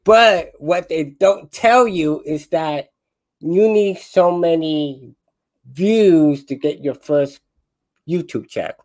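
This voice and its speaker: A man in his twenties joins a panel as a guest and explains things at a very slow, unhurried pace. His voice sits a touch high, and he sounds thoughtful and conversational. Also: darkish tone. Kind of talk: casual conversation.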